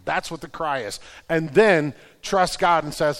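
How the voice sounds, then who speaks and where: Pastor guy giving a sermon, kinda high voice, goes quiet then loud and urgent, big reverby church hall. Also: a little slow, hardly any pauses.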